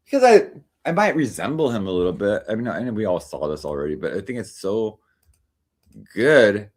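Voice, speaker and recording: A man's voice: on the low side, very animated, moderate pace. A man hosting a livestream, chatting casually and rambling with many fillers and restarts. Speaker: livestream host. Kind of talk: casual chat to a live audience.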